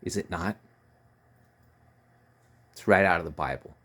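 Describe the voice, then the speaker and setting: A man's voice: sits low, unhurried, fairly bright tone. A man giving heated, scornful political commentary, ranting and repeating himself.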